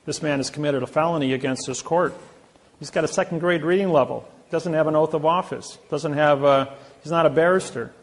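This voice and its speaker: A man's voice: a little high, fairly quick. A man giving an informal seminar lecture, telling rambling anecdotes and acting out the dialogue himself. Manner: storytelling, acting out courtroom dialogue; rambling, self-correcting.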